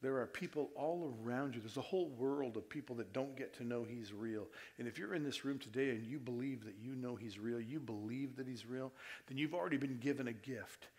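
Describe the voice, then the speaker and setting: A man preaching a sermon to his church, moving between quiet appeals and loud emphatic stretches and asking his listeners direct questions. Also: medium pitch, fairly quick. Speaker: pastor. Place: church service before a congregation.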